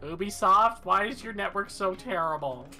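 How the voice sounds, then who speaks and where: A woman's voice: mid-range voice, expressive, moderate pace, pushed and bright, soft background music. A woman playing a card game on stream, chatting playfully and joking about the game. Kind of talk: casual gaming stream chat.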